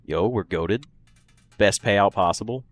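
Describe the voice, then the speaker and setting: In an unhurried, lowish voice, a streamer chats casually with viewers while working through a puzzle game. His commentary is jokey and talkative, broken up by frequent laughter.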